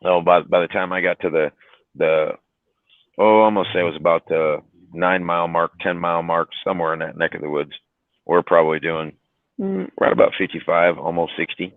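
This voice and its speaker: A man with a very low voice tells a rambling trucking story in a casual way, full of fillers and mild swearing. The sound is thin and phone-like. There is no room echo on it. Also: a little fast. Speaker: truck driver telling a story on a live stream.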